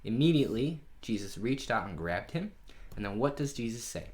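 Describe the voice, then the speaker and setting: A man leading a children's Bible lesson from home, telling the story in an animated way and asking the kids questions. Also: mid-range voice, normal speed. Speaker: children's pastor. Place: home during lockdown.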